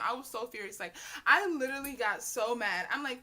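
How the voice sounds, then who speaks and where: A young adult woman telling a storytime vlog in a chatty, slangy, animated way, bursting into shrieks. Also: fairly high pitch, normal speed. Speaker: vlogger.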